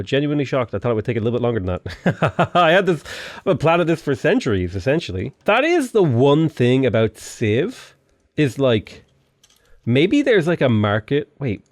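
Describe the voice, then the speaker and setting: Excitable Irish man narrating gameplay. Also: medium pitch, no room sound. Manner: playful, excitable, jokey asides. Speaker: game commentator. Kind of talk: casual gameplay commentary.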